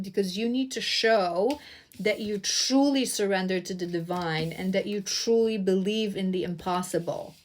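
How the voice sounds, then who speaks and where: A woman's voice: mid-range voice, moderate pace. A woman doing a tarot reading to camera, effusive and earnest, often restarting her phrases and repeating herself. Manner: earnest, emotionally stirred. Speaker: tarot reader.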